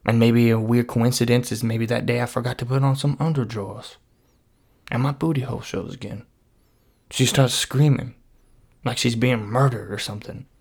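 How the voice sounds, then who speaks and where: A man vlogging, telling a meandering comic story in a laid-back deadpan way. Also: mid-range voice, normal speed, gravelly, slightly rough. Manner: meandering, deadpan, lots of "you know".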